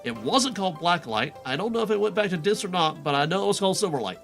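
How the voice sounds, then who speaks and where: A man voicing an exasperated adventurer who keeps correcting another character with deadpan remarks in a game quest fan voice-over. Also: high voice, quick pace, gravelly, soft background music, full character voice. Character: exasperated young adventurer, nitpicking and sarcastic.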